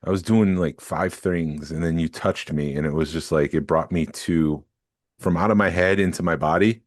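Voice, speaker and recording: A man's voice: deep voice, fairly even intonation, moderate pace, dry recording, studio quality. A man co-hosting a podcast, telling stories in an easygoing, casual way. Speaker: podcast co-host. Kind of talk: casual chat.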